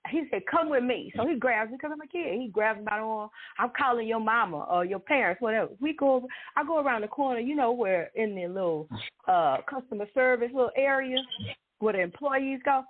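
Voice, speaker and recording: A woman from Dallas, telling a story in a casual way, animated and laughing often with dramatic exclamations. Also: fairly high pitch, fairly quick, slight background noise. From Dallas, Texas. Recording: tinny phone-like sound.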